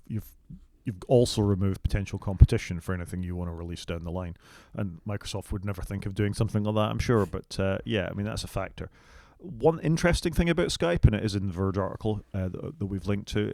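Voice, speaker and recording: A man co-hosting a casual tech podcast, measured and dryly sceptical. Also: fairly low pitch, a little mellow, dry recording. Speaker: podcast co-host.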